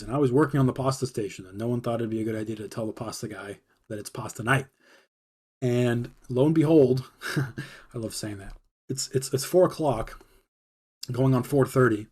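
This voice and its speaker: A man's voice: mid-range voice, slightly rough. A man telling a personal work story in a casual monologue, acting out the quoted dialogue as he goes. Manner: fast, animated retelling with quoted dialogue.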